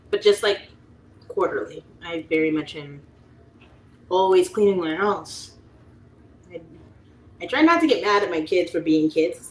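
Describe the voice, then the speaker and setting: A woman's voice: mid-range voice, moderate pace, pauses often, roomy sound, a little hiss or hum, low-quality recording. A woman in her thirties hosting a casual livestream, chatting and laughing while reading out viewer comments. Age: 30s. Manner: chatty, laughs often, mimics voices when quoting. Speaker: livestream host reading chat. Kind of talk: casual chat.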